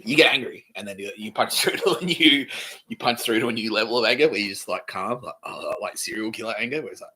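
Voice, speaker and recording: A man hosting a podcast, rambling through a profane monologue that swings from low mutters to loud outbursts. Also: husky, rough recording. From Australia. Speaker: podcast host.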